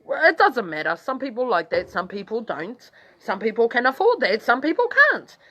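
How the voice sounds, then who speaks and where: A woman's voice: a little high, normal speed, muffled recording. A woman with a New Zealand accent telling a crude story in a casual vlog, swearing constantly and rambling, her voice jumping up when she gets worked up. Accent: New Zealand English. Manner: heavy swearing, blunt and rambling; animated, voice jumps up when excited. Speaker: vlogger.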